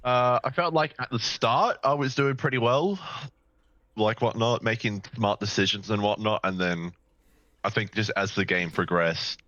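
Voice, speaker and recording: Deep-voiced Australian man, hesitant. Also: normal speed, a bit bright, no echo. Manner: hesitant, brief answers with fillers. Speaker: student player. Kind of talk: casual chat. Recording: dull, dry lo-fi mic.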